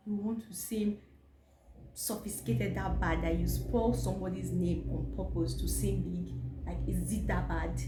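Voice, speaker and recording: A young Nigerian woman from Edo with a Nigerian accent, giving casual, animated commentary to camera with exasperated, mocking asides. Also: fairly low pitch, moderate pace. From Nigeria, Edo State. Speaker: vlogger. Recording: echoey room with background noise.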